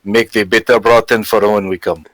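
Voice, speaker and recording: A man's voice: lowish voice, fairly even intonation, a bit bright, natural voice, rough recording. Dimitri, a man putting on a hearty Russian mercenary. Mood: cheerful. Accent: put-on Russian accent. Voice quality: broken English, slow and deliberate. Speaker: player.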